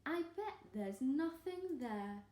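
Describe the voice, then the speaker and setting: A blustering storybook tyrannosaur father, voiced by a woman, stern and scoffing. He speaks slowly and firmly. The voice rings in a roomy echo. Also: medium pitch, darkish tone, voice pushed down, close to an everyday voice.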